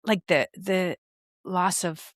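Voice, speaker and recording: A middle-aged woman co-hosting a podcast, chatting casually, animated and jokey with frequent laughs. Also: lowish voice, slow, no room sound, studio quality. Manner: animated, joking, laughs often. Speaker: podcast co-host. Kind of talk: casual chat.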